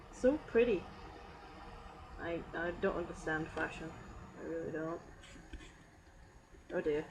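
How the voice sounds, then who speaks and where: Giggly rambling woman streamer, low-ish voice. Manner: rambling, giggly, lots of fillers. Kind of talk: casual meme review commentary. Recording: steady background noise.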